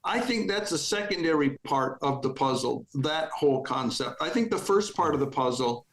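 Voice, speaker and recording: A man's voice: fairly high pitch, expressive, moderate pace, a bit bright. Male guest in an echoey room. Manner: explaining his views step by step. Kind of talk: casual chat.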